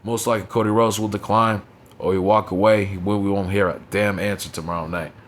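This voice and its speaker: Blunt, profane man with a low voice. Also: fairly even intonation, a little fast, a little hiss or hum. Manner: blunt, profane, dismissive, leans on "you know what I'm saying". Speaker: wrestling show reviewer. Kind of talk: casual profane recap commentary.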